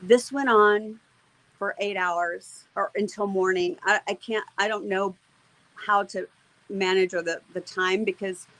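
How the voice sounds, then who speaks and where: A woman's voice: mid-range voice, steady tone, unhurried, fairly bright tone, dry recording, low-quality recording. A middle-aged woman, an interview guest, telling a personal faith testimony in an earnest, emotional way, with many fillers and restarts.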